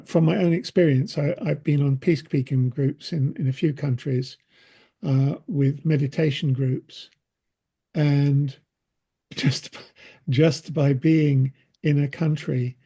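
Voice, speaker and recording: Slow gravelly guy in the audience, kinda husky and mellow, rambles on earnestly. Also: a little high. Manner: rambling, earnest, many restarts. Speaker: audience member. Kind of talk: casual discussion.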